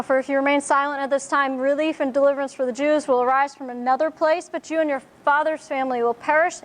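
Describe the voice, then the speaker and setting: A woman's voice: high-pitched, a little hiss or hum. A woman teaching a Bible study sermon in a conversational way, with frequent fillers and restarts. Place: church.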